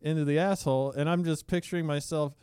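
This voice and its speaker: A man's voice: on the high side, fairly even intonation, fast talker, a little mellow, smooth, dry recording. A man co-hosting a comedy podcast, rambling through crude jokes and stories. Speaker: podcast co-host. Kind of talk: casual comedic chat.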